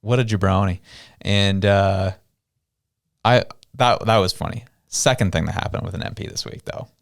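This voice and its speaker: A man's voice: sits low, normal speed, creaky, clear, resonant tone, dry recording, studio quality. A Canadian man co-hosting a podcast in casual political chat, mocking and jokey, laughing often. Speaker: podcast co-host.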